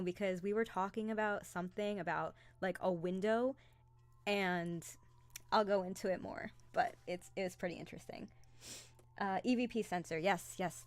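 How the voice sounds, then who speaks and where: Chatty young woman hosting a live stream. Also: medium pitch. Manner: chatty, excitable, greets viewers by name. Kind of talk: casual live-stream chat with viewers.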